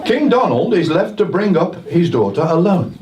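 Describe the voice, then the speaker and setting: A man compères an amateur pantomime, introducing it to a live audience in a comic, chatty, self-mocking way with jokey asides. His voice sits high, is a little mellow, swings widely in pitch, and moves at a moderate pace. The recording is muffled, echoey, distant, and noisy, with faint music behind.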